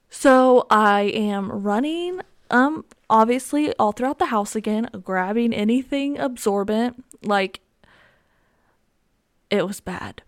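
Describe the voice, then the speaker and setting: This young podcast host has a fairly high, expressive voice and takes her time, casually telling a rambling story alone with plenty of "um" and "like." The recording is clean and studio-quality, with no room sound.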